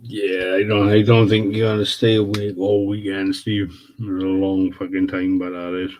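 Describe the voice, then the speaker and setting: Deep flat-voiced man chatting on a livestream. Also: normal speed, a little hiss or hum, low-quality recording. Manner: laid-back, swears freely, calls viewers mate and bud. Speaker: livestream host. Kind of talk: casual live chat with viewers.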